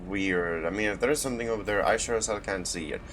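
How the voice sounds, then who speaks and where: A Swedish man, just woken up and a bit groggy, commenting casually on his gameplay with a laid-back, rambling manner and sudden loud outbursts. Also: on the low side, quick pace, slight background noise. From Sweden. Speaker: gaming channel host.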